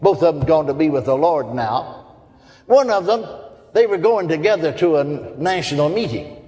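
A man's voice: fairly high pitch, animated, moderate pace, mellow. A man preaching a sermon, telling folksy stories, chuckling often and asking the crowd for amens. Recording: long hall reverb.

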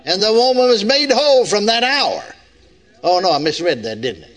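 A man's voice: fairly high pitch, animated, normal speed. An older man preaching a sermon in a folksy way, often putting rhetorical questions to his congregation.

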